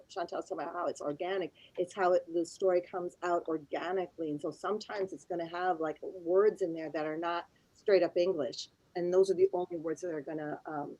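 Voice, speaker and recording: A woman's voice: fairly low pitch, no echo, low-quality recording. A woman writer and teacher on a literary panel, speaking thoughtfully and searching for words as she goes. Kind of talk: panel discussion.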